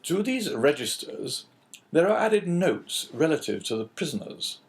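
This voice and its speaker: Brief: man playing a cool, measured English agent in a storybook reading, lively intonation. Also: fairly high pitch, voice pushed up. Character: calm, phlegmatic English businessman.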